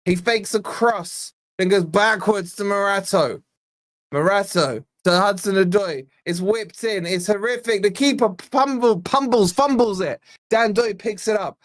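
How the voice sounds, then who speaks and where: A young man from Scotland hosting a live fan watch-along, giving exasperated, chatty play-by-play and reading out viewer shout-outs. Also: sits high, measured pace. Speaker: fan channel host.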